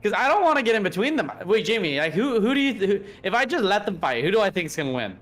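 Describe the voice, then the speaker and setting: A man's voice: sits high, very animated, fast talker, fairly bright tone. A young man playing a tabletop game, talking casually and thinking aloud with fillers. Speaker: player.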